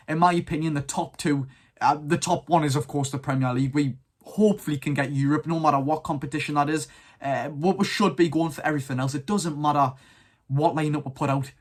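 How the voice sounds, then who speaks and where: A seventeen-year-old with a Geordie accent, chatting casually to camera about his football club with strong opinions. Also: on the high side. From North East England. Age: teens. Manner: chatty, rambling, keen opinions. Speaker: football fan vlogger.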